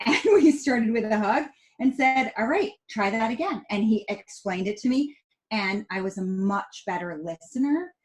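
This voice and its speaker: Animated woman telling a family story. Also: mid-range voice, measured pace, low-quality recording. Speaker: podcast guest. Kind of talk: casual podcast conversation.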